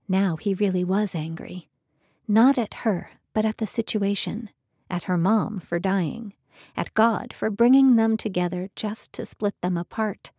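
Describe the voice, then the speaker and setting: A woman narrating a romance novel in a calm, measured audiobook reading. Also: medium pitch, no room sound, clean studio sound. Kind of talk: scripted narration.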